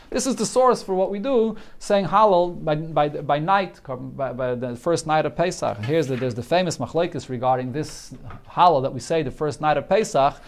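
A man's voice: fairly high pitch, creaky. A man teaching a Talmud class, reading each phrase of the text and explaining it in English, often restarting his sentences. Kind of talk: Talmud lesson, translating Hebrew and Aramaic phrase by phrase.

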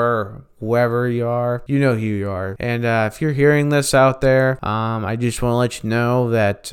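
Slow-talking man rambling on a podcast. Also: medium pitch, smooth. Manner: rambling, halting, chuckling at his own stories. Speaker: podcast host. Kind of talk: casual storytelling podcast.

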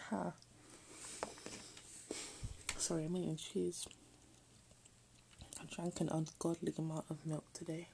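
A woman's voice: low-pitched, gravelly, warm tone, a little hiss or hum, poor audio. A teenage girl chatting casually late at night in her bedroom, rambling and often dropping into half-whispers. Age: late teens. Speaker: vlogger.

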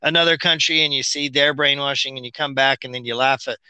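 Bright, crisp man telling stories. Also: mid-range voice, steady tone, quick pace, dry recording. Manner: rambling, storytelling, mocking quotes. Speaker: guest. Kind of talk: casual conversation.

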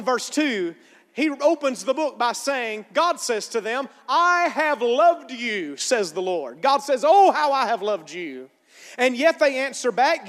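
A man pastor preaching a sermon to a congregation, calling for responses and building to shouts. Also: very high voice, big-room sound. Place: church sanctuary.

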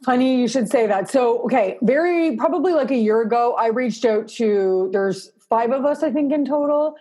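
A woman's voice: on the high side, animated, normal speed, warm tone. A woman with a Canadian accent, an interior designer talking casually and at length in an interview, with many fillers. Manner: chatty, rambling, lots of fillers.

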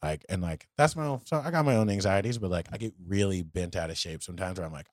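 A young man on a podcast, telling stories in a blunt, profane, animated way. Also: sits low, fast, few pauses, no room sound, studio quality. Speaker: podcast co-host. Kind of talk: casual chat.

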